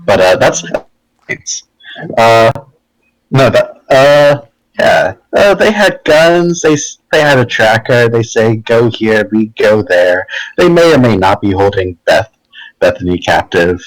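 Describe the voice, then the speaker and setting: Player in a tabletop game: man, halting and playful, wide pitch swings, unhurried. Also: animated, dry recording, poor audio. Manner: halting, playful, many restarts. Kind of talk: playing a character in a tabletop game.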